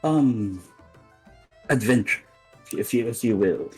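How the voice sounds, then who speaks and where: A player in a tabletop game, speaking in character with a grandiose, drawn-out delivery. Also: female voice, a bass voice, animated, breathy edge, soft background music.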